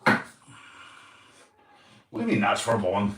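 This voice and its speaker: A man's voice: on the low side, wildly swooping pitch, slow pace, fairly bright tone. A Northern Irish man hosting a casual livestream chat, rambling and swearing, calling everyone mate. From Northern Ireland. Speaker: livestream host. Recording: echoey room, mic at a distance.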